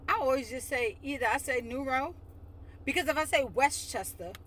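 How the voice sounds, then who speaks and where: New york woman venting on a vlog, high voice, curses a lot, little bit of hiss behind. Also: moderate pace, a bit bright. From Westchester, New York. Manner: blunt, exasperated, swears freely. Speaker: vlogger. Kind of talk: casual rant to camera.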